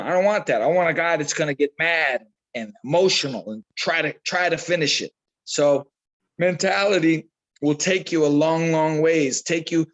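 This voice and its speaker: High-voiced animated man telling stories. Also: poor audio. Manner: animated storyteller, repeats himself, acts out quotes. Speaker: boxing trainer. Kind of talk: casual interview talk.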